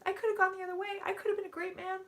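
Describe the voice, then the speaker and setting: A woman's voice: very high voice, level tone, rapid-fire, voice pushed up. A woman voicing the channeled spirit of a regretful man who keeps repeating himself in anguish.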